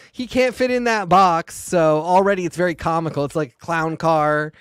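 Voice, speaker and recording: A man's voice: fairly high pitch, moderate pace, clean tone, dry recording, studio quality. A man co-hosting a casual comic book podcast, laid-back and laughing, with many fillers. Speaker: podcast co-host. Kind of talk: casual chat.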